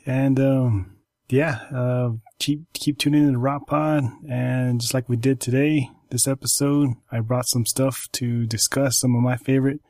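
A man's voice: mid-range voice, level tone, unhurried, a little mellow, dry recording. A man hosting a podcast in easygoing casual chat, repeating words as he goes. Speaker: podcast host.

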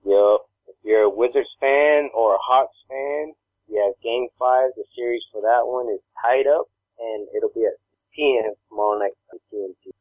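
Male co-host, rambling storyteller, mid pitch, dry narrow phone-quality audio. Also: moderate pace, no room sound. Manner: rambling storyteller, acts out voices. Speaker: podcast co-host. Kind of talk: casual chat.

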